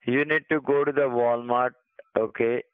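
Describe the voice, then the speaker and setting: A man's voice: medium pitch, steady tone, normal speed, clean tone, dry recording. A man on a phone call, pushy and repetitive, speaking broken English. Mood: insistent. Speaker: phone scammer. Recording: tinny dry phone line.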